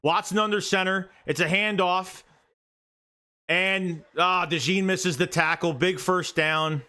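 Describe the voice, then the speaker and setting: A man with a high, clean-toned voice delivers a live fan play-by-play of a football game at an unhurried pace. He swears freely, gets excitable, and yells whenever a play goes badly.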